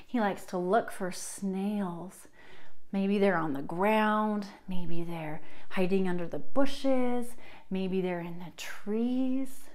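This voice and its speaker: A young woman teaching a children's music class, talking in a sing-song, animated way with gasps and playful prompts, and singing short rhymes. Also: medium pitch, takes it slowly. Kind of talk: kids' music lesson with songs.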